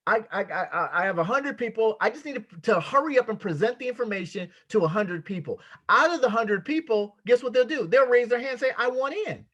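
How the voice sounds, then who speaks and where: A man's voice: sits high, animated, a little fast, few pauses, a bit bright. A man giving a motivational sales training talk, emphatic and repetitive, with a preacher-like cadence. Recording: dull lo-fi sound.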